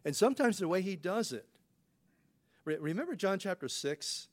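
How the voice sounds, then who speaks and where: A man's voice: high voice, very animated, normal speed. A man preaching a conversational sermon as a pastor, folksy and full of rhetorical questions. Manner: folksy, rhetorical questions, frequent "you know" fillers.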